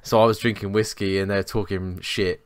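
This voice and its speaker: A man's voice: on the low side, fairly even intonation, normal speed, no room sound. A young man, co-hosting a podcast and telling rambling, sweary, self-mocking stories in casual chat. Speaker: podcast co-host.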